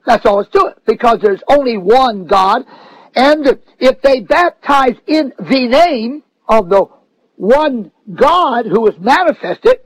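High-voiced man preaching emphatically. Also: dry recording, rough recording. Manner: emphatic, mocking quotes, rising to shouts. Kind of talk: sermon.

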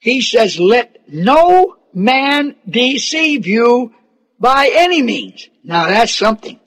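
A man preaching a sermon, slow and deliberate, repeating phrases for emphasis and asking the congregation rhetorical questions. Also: extremely high pitch, very animated, fairly bright tone.

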